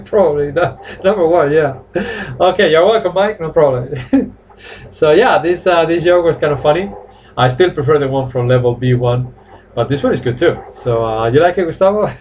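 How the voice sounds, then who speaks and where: A man with a Spanish accent teaching a live online English class, praising students and repeating their sentences slowly. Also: fairly high pitch, expressive, slight background noise. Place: home or academy room, online stream.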